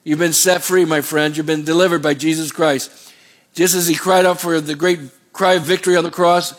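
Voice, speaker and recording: A man's voice: fairly high pitch, flat delivery, a little fast. A man preaching a sermon as pastor, asking the congregation call-and-response questions.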